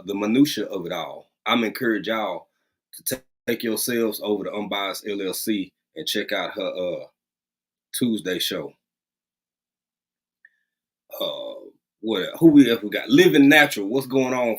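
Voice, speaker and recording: A man hosts a casual livestream from his home out in the country, calling out viewers by name as they arrive. He talks in an animated, drawling way, repeating phrases for emphasis. His voice sits at an everyday middle pitch. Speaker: livestream host. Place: rural home.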